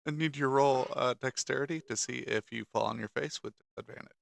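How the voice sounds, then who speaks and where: A man's voice: mid-range voice, fast talker, creaky, no room sound. A man running a tabletop game as game master, laid-back and chuckling often.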